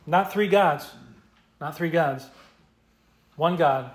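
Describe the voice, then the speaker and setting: A man's voice: on the high side, slow pace, roomy sound. A male pastor preaching an expository sermon, emphatic and repeating key phrases for stress. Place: church.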